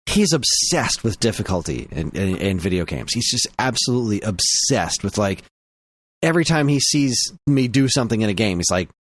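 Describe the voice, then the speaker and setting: A man's voice: lowish voice, sing-song, moderate pace, no room sound. A man co-hosting a podcast in casual chat, rambling through an anecdote and laughing often. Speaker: podcast co-host.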